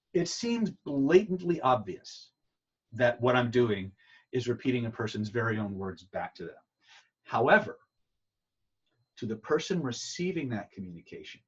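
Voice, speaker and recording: A man teaching communication skills in an animated storytelling way, restarting phrases often, over a video call. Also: mid-range voice, husky, distant mic. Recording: dull lo-fi sound.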